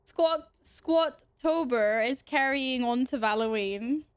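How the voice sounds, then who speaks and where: A woman's voice: high voice, takes it slowly, clean tone, dry recording. A woman streamer chatting casually with her viewers, giggly and exasperated, swearing a lot. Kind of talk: casual livestream chat to viewers.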